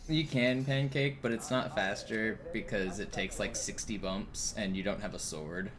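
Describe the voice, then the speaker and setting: Young male streamer: casual, profane, low voice, noisy mix. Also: moderate pace. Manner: rambling, profane, filler-heavy storytelling. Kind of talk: casual gaming stream chat. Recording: steady background noise.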